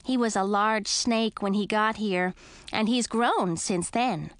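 A woman voicing a bossy, talkative female bat, high and teasing. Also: slow, no room sound, clean studio sound, lightly acted. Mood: chatty.

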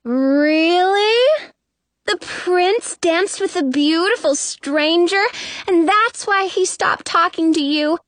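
A woman's voice: very high voice, slow pace, fairly bright tone, no room sound, pitched above the performer's own voice, heavily acted. A woman reading aloud, voicing Cinderella as a sly young woman with a sweetly mocking edge.

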